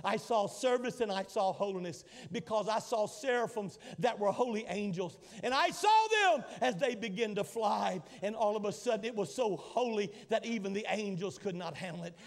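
A man in his sixties preaching a sermon as pastor, building his lines into dramatic shouted repetitions. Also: sits high, moderate pace, creaky, few pauses. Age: 60s. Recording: long hall reverb.

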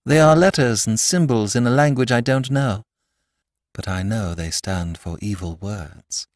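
A man voicing a mild, dreamy priest detective who speaks in a low, musing, solemn way. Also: unhurried, dry recording, studio quality, natural voice.

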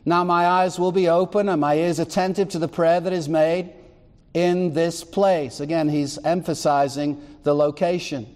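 A man's voice: fairly high pitch, steady tone, normal speed, few pauses, long reverb tail. A man preaching a sermon as pastor, reading scripture aloud and firing rhetorical questions at the congregation. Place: church.

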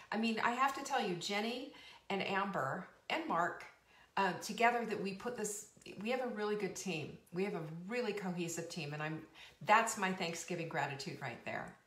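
On her live cooking and wellness show, a woman in her fifties chats casually in a lowish voice that's a bit bright. Bubbly and rambling, she laughs frequently and repeats points emphatically, and the sound carries a roomy echo.

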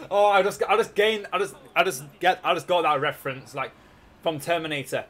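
A man's voice: on the high side, steady tone, brisk, a bit bright. A young Scottish man with a sore throat, chatting casually and joking while streaming a strategy game. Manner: rambling, chatty, jokey, laughs often. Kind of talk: casual live-stream chat.

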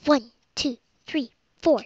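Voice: high voice, slow pace, a little mellow, no room sound. A child rambling through game commentary as host of their own let's play, with muttered asides. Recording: dull lo-fi home recording.

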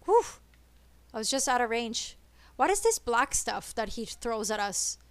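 A woman streaming a co-op game, chattering nervously and excitedly as she plays. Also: a little high, measured pace, dry recording. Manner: excitable, nervous, switches between English and Italian. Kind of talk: live gameplay chatter.

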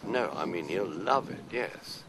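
An older man from London, telling anecdotes and answering interview questions in an unhurried, rambling way. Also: low voice, animated, noisy background. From London, England. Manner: anecdotal, unhurried, trailing off into asides. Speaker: actor being interviewed. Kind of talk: casual interview chat.

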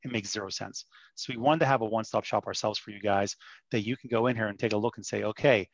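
Gravelly guy pitching his partner program, upbeat, dry muffled audio. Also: steady tone, fast talker, dry recording. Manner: upbeat, persuasive, many restarts. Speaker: vendor presenter. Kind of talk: webinar sales presentation.

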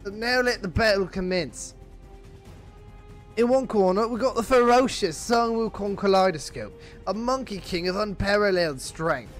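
A man voicing a theatrical British fight announcer with a put-on Cockney accent, reading out a battle story in a grandiose way. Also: close to an everyday voice. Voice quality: booming, grandiose, pompous.

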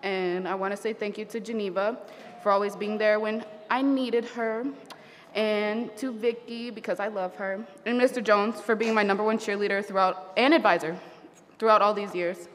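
A young woman, a graduating student, reading her speech casually, a little halting, with light laughs. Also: medium pitch, steady tone. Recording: reverberant hall with faint noise.

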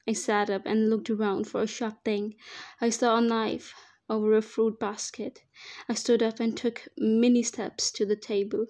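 A woman reading a first-person fan fiction story aloud as the narrator, in a slow, even storytelling manner. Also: a little high.

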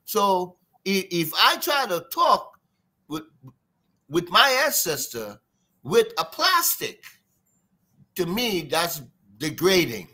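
Trinidadian drummer, male, bright lively delivery, wide pitch swings, sing-song storyteller. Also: takes it slowly, pauses often, slightly rough. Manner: lively, sing-song, imitates drum sounds. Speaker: guest drummer. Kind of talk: animated storytelling interview.

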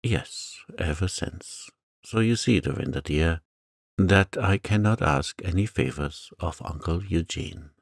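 A man voicing a gentle, sad mother in a storybook reading, speaking softly and with regret. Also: low voice, a little slow, creaky, breathy edge, no room sound, clean studio sound, exaggerated voice.

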